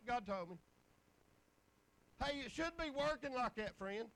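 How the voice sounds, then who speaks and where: A man's voice: extremely high pitch, normal speed, pauses often, a bit bright, low-quality recording. A middle-aged man, preaching a folksy, rambling testimony full of scripture. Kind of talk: sermon.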